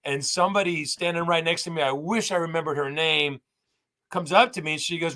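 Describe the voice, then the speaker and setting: A man in his sixties speaking as a guest on a live show, halting and repeating words as he gives a heartfelt, teary tribute. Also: a little high, sharp tone. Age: 60s. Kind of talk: emotional casual tribute.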